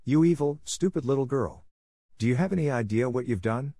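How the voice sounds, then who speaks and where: A man's voice: mid-range voice, expressive, brisk, a little mellow, no echo, studio quality, natural voice. A man voicing a bitter, grieving old woman who accuses and sobs in a storybook horror tale. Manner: accusing, tearful.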